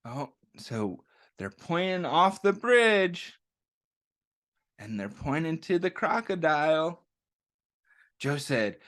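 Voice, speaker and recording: A man hosting a children's story time, reading a picture book aloud and asking the kids gentle questions as he goes. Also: a little high, sing-song, slow, long pauses.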